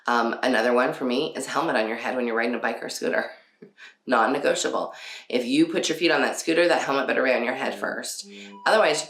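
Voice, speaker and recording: A woman's voice: extremely low pitch, creaky, fairly bright tone. A woman hosting a casual parenting talk, chatty, with frequent laughs and many fillers. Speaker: podcast host. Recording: roomy echo.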